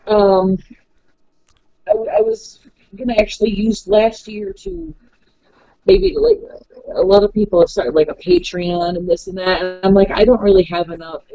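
A woman's voice: mid-range voice, creaky, warm tone, dry recording, muffled recording. A woman guest on a podcast, a wrestler, chatting casually with a quirky, joking manner full of puns. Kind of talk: casual chat.

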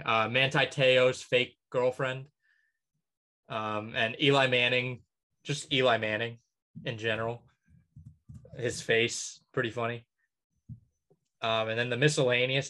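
A podcast co-host with an ordinary middle-pitched voice chats casually while working out loud through a long list. He rambles, filling gaps with ums and uhs, and chuckles lightly at his own picks.

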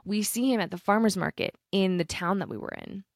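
A woman's voice: mid-range voice, no echo, clean studio sound. Chatty young woman podcaster, rambling. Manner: rambling, self-interrupting storyteller with quick laughs. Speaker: podcast co-host. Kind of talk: casual chat.

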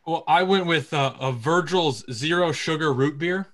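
A man's voice: on the high side, normal speed, fairly bright tone. A man on a casual football podcast, speaking in a wry, hesitant way.

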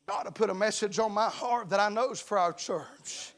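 A man's voice: high voice, moderate pace, hardly any pauses, fairly bright tone. A man preaching a fervent revival sermon to his congregation, plain-spoken and calling for amens. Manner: fervent, repeatedly calls for amens; plain-spoken, calls himself uneducated.

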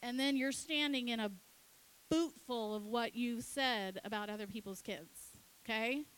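A woman pastor preaching, telling a story with lively acted-out dialogue. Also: fairly high pitch, clean tone, low-quality recording. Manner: animated, acts out her kids and herself in quick dialogue. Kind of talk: sermon storytelling.

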